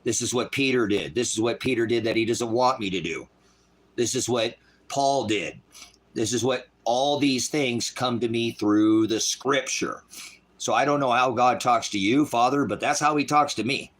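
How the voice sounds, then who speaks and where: A man's voice: mid-range voice, normal speed, a bit bright. Angry profane preaching man. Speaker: street preacher.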